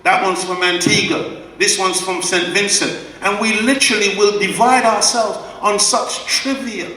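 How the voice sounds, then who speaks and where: A man's voice: high voice, fairly even intonation, unhurried, pushed and bright, slight background noise. A man giving an emphatic, preacher-like public address to a live audience, who answer him back. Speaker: guest speaker at a community event. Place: community hall. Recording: echoey hall, voice from far off.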